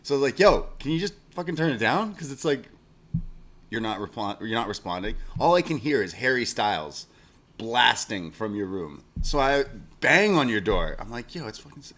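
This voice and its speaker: Male podcast co-host, lower voice, rambling anecdotal storyteller, casual. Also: a bit bright. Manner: rambling anecdotes with swearing and laughs.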